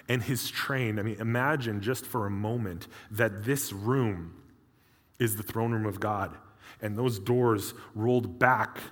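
Male pastor with a low voice for a conversational sermon with joking asides, in a reverberant hall. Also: a bit bright. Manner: conversational, with humorous personal asides.

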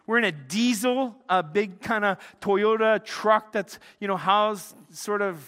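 A middle-aged man preaching a sermon, telling stories in an animated way that swings between loud excitement and hushed intensity. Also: high-pitched. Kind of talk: sermon with storytelling. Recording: long reverb of a large hall.

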